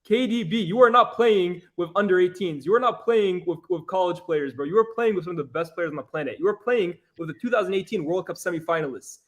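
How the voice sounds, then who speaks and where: A man co-hosting a casual football chat, animated and laughing, hammering his points with repetition. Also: sits high, fast talker, hardly any pauses. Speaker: football pundit co-host.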